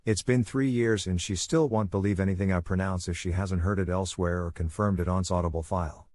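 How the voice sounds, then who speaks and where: Male narrator, deep and low, reading posts and comments straight through. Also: fairly even intonation, fairly quick, a little mellow, no room sound. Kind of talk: scripted narration.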